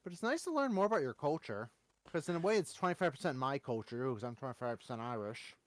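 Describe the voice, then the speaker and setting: A man's voice: medium pitch, very animated, quick pace, dry recording. A man in a casual voice chat, rambling and restarting his sentences as he talks. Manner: rambling, full of fillers and restarts.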